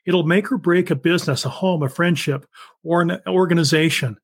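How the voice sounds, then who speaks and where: A man's voice: on the high side, brisk, slightly rough. A man hosting an interview, enthusiastic and chatty, repeating words as he restarts. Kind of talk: casual interview chat.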